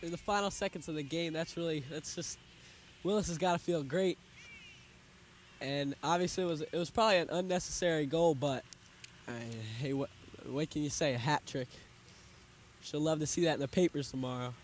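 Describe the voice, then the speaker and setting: A young man giving color commentary on a school field hockey game, talking in halting runs with restarts. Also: a little high, fairly even intonation, slight background noise. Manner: halting, many restarts and fillers. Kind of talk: live sports commentary.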